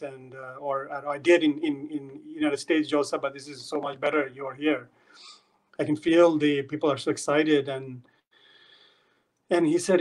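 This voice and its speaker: Hesitant man with a flat, higher voice. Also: normal speed, poor audio. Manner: hesitant, with many fillers and repeated words; reflective and earnest. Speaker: convert sharing his story. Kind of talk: personal testimony.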